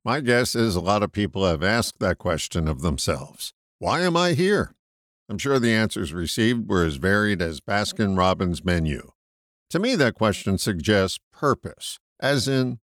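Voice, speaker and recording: A man reading a short scripted motivational reflection, slowing down to stress key words. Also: lowish voice, dry recording, studio quality. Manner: measured, slow emphatic stresses on key words. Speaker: host of a short reflection segment.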